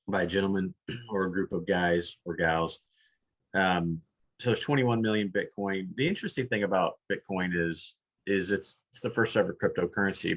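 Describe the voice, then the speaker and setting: A man in his forties, a sales executive guest on a webinar, explaining things casually and patiently with frequent restarts. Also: deep voice.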